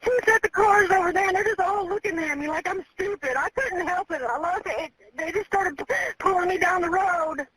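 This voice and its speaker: Panicked lady on a phone call, super high bright voice, crying and begging, tinny line. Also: normal speed, hardly any pauses. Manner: pleading, repeats herself. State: sobbing, terrified. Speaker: caller. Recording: telephone line with faint noise.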